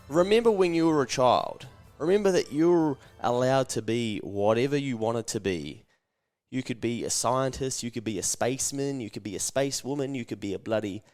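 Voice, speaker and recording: A man hosting a motivational solo podcast, fired up, blunt and sweary. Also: medium pitch. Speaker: podcast host.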